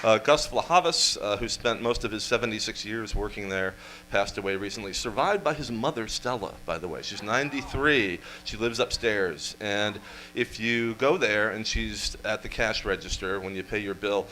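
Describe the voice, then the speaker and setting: A man giving a comic history talk to a live audience, full of wry deadpan asides and quick jokes. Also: lowish voice, slight background noise, rough recording. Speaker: storyteller presenter. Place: event room with live audience.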